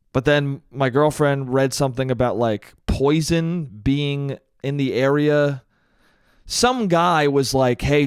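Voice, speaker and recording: A man's voice: mid-range voice, clear, resonant tone, no echo, studio quality. A man telling a long, rambling comic story on his own podcast, laughing at himself and saying "dude" often. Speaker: podcast host. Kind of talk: solo comedic storytelling.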